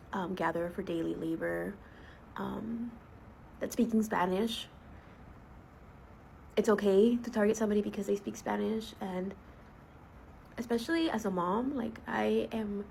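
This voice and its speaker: A woman in her thirties, a school therapist from the United States, speaking in an emotional, halting, heartfelt personal video monologue. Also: medium pitch, creaky, darkish tone, a little hiss or hum, rough recording.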